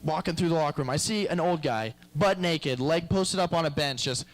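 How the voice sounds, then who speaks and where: A man's voice: a little high, expressive, a little fast, poor audio. A young man performing a stand-up comedy set in a club, rambling through stories and acting out the people in them. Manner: rambling storyteller acting out characters.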